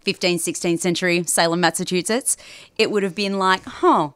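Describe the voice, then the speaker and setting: A woman guest on a radio show, talking in an animated, sardonic way. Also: fairly low pitch, fairly quick, smooth, dry recording, studio quality. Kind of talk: casual radio chat.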